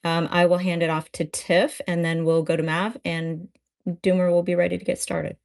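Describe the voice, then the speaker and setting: Upbeat woman co-host, very low voice. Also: flat delivery, moderate pace, creaky. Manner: upbeat, enthusiastic. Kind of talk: casual live-space hosting.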